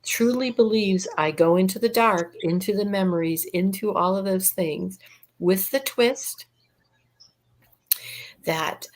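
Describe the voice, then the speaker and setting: A woman's voice: medium pitch, slow, long pauses, a little hiss or hum. A woman in a casual chat, explaining astrology in a flowing, reflective way. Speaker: astrologer guest.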